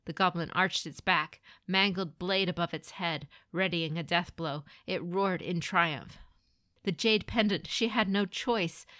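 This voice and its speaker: A woman narrating a grim fantasy story in a dramatic, expressive reading. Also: fairly low pitch, no echo, studio quality.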